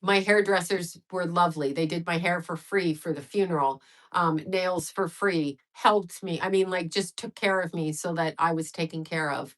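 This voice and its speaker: A woman's voice: fairly low pitch, fairly even intonation, moderate pace, a bit bright, poor audio. A woman in her sixties hosting a casual livestream, talking candidly and rambling, with frank swearing, and answering viewers' messages as she goes. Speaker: livestream host.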